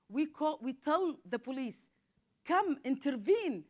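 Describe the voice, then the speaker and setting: A woman's voice: sits high, expressive, a little slow. A woman in her forties from southern Israel, a social worker speaking on a panel in an earnest, urgent way, often repeating words as she builds her point. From southern Israel (Negev). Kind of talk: impassioned panel talk.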